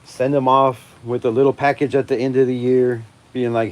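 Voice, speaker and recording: Outdoors on a stormy night, a fan channel host in his forties runs a live fan stream, ranting emphatically with heavy swearing and frequent laughter. His mid-range voice moves slowly, with long pauses.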